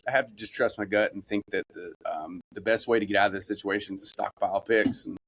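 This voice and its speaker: A man with a mid-pitched voice tells sports stories on a podcast, slipping into lively impressions of the people he quotes. He talks casually, with fillers and restarts. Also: quick pace. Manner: storytelling, animated impressions of others. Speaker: podcast co-host.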